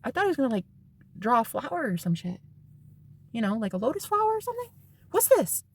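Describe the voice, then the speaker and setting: A woman's voice: fairly high pitch, huge pitch swings, quick pace, husky. A woman in her thirties telling a rambling, casual story to her vlog viewers and swearing freely. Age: 30s. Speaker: spiritual vlogger.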